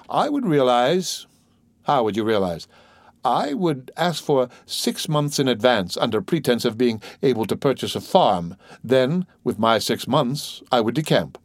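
A man's voice: medium pitch, big pitch swings, measured pace, no echo. A man voicing a sly, greedy fifty-year-old ex-convict. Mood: scheming. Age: 50s. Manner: wheedling, sly, grasping.

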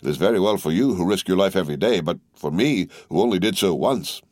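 A man's voice: low-pitched, expressive, fast talker, darkish tone, no room sound, studio quality. A man voicing an effusive, dashing male aristocrat of about thirty. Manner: effusive, grand.

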